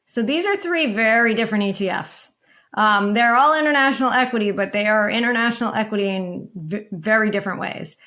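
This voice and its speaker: A woman's voice: medium pitch, a little fast, pushed and bright. A woman judging on a panel, giving matter-of-fact analysis in a casual discussion, with frequent ums and uhs. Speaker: guest judge analyzing funds.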